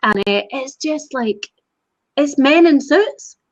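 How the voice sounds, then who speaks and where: A woman's voice: high voice, animated, slow pace, no echo, dull audio. Chatty Scottish woman laughing often. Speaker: co-host. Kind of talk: casual live-stream chat.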